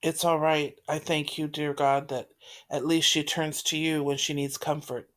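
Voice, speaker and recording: A woman's voice: sits low, little pitch movement, normal speed, lightly acted. Woman reading as a hurt, tender mother. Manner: quiet, wounded.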